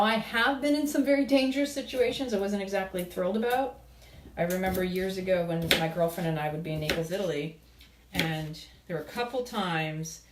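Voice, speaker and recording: A middle-aged woman hosting a cooking show, chatting loosely to viewers while she cooks, telling rambling stories and asking for their tips. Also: lowish voice. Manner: rambling, storytelling, asks viewers for comments. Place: kitchen. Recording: echoey room, mic far off, background noise.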